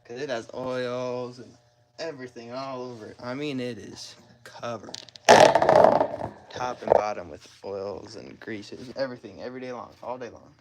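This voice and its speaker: A very noisy phone recording, propped nearby in a garage, catches a car mechanic vlogger narrating engine work in a casual how-to style. He speaks at normal speed in a medium pitch, rambling, talking to himself, and joking about himself as he explains each step.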